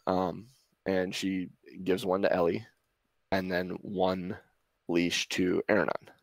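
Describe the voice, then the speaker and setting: A man running a tabletop game as game master, narrating in a relaxed, halting way with many fillers. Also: low-pitched, no echo.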